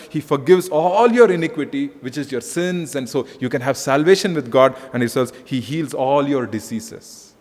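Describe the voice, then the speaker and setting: A man preaching a conversational sermon as pastor, repeating phrases and saying "you know" often. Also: mid-range voice. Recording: echoey hall.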